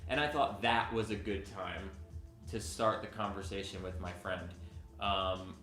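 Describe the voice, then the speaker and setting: A man in his twenties, co-hosting a vlog and telling a personal story in a casual, halting way with frequent restarts. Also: sits low, steady tone, bright, forceful tone, soft background music. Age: 20s. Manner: halting, self-interrupting storyteller. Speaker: vlogger, co-host. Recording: echoey room.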